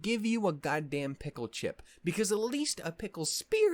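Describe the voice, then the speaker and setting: A man rants in an animated, mock-outraged way, and his pitch swings widely as he goes. He swears freely and rambles, trips over restarts, then circles back to his point. The sound is dry and close, with no room echo. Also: moderate pace, hardly any pauses. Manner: rambling with many fillers and restarts. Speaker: anime discussion host. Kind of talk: casual rant.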